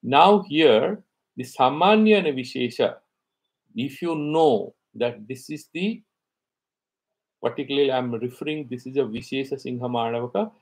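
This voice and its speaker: A man's voice: medium pitch, moderate pace, creaky, slightly rough. Man teaching Sanskrit scripture. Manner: reads Sanskrit commentary, then explains in English; rhetorical questions and acted-out examples. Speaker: Vedanta teacher. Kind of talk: scripture class lecture.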